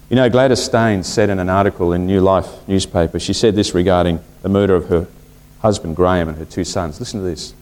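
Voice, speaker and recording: A male pastor delivering a sermon with plenty of expression. His voice climbs when he acts out what people say and sinks to a near hush on key words. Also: a little fast. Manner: expressive preaching, acting out quotes with big pitch swings and hushed drops.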